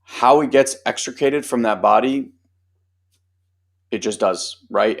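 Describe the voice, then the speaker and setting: A man hosting a group training talk as a coach, speaking casually and loosely, with lots of fillers and the odd swear word. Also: lowish voice. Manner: acts out other people's voices in quotes. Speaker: host and personal growth coach.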